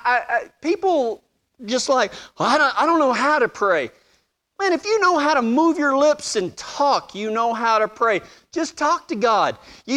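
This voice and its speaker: Animated, bright-voiced male preacher. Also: very high-pitched. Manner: animated, self-deprecating, acts out voices in stories. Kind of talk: sermon with humorous storytelling.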